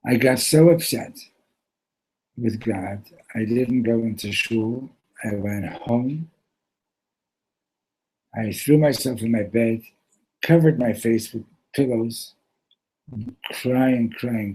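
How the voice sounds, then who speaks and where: A man at a yeshiva gathering retelling a Hasidic story in a heartfelt, animated way, mixing in Yiddish and Hebrew words. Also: mid-range voice, takes it slowly, long pauses, husky, low-quality recording.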